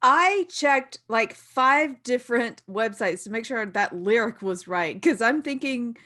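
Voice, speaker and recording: A woman co-hosting a podcast in relaxed, casual conversation. Her voice is fairly high and swoops around a lot, and she talks at an unhurried pace. She is expressive and animated. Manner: expressive, laughs often. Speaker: podcast co-host. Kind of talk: casual chat.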